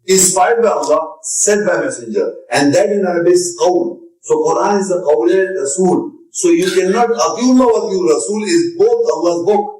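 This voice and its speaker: Man, insistent religious lecturer, slightly high voice, recorded from afar in a reverberant room. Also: moderate pace, hardly any pauses, darkish tone. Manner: insistent, repetitive, emphatic. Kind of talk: religious lecture with audience questions. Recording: echoey room, distant mic.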